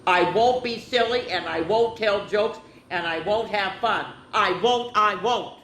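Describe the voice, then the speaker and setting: A woman voicing a gloomy, stubborn male buffalo who barks his words gruffly, in a storybook reading. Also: lowish voice, slow, reverberant, slight background noise. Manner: gruff, barking.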